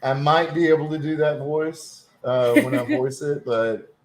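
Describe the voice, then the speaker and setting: A man with a Texan accent hosting a casual stream chat, rambling with many pauses. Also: on the high side. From Texas. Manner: rambling, hesitant with fillers. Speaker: stream host.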